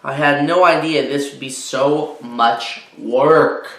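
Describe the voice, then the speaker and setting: A man's voice: medium pitch, steady tone, takes it slowly, a bit bright. A man voicing an exasperated mother who bosses and haggles over her son's toys. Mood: bossy, exasperated. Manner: bossy, haggling. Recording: roomy echo.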